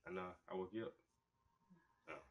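A man hosting a painting show, telling stories in a loose, profane, animated way and acting out the people he quotes. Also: sits low, moderate pace, lo-fi sound. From United States. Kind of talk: casual storytelling monologue.

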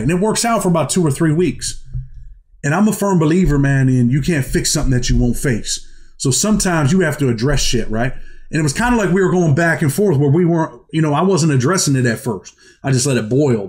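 A man's voice: mid-range voice, a little mellow. A man from New York hosting his own channel, telling a story in casual street slang and acting out quoted lines. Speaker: host telling his prison stories.

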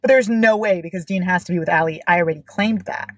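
A young American woman in her twenties, a book vlogger, chats casually about a book she read, gushing, giggling and letting out sudden squeals. She talks fast in a lowish voice, and the recording is dry.

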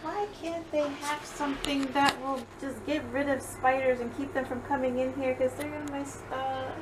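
A woman's voice: high voice, fairly even intonation, moderate pace. A woman vlogging at home, panicky and exclamatory, repeating herself while searching a storage room. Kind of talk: casual home vlog. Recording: noisy home video.

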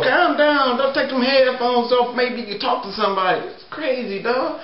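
A man's voice: very high-pitched, normal speed, hardly any pauses, very echoey, dull audio. A man doing a comedy sketch, bantering in loose slang and laughing often. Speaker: comedian playing several characters.

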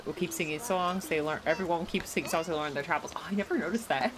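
A woman's voice: low voice, very fast, noisy background. A woman streaming a life-sim game, chatting casually, reading chat aloud and laughing often.

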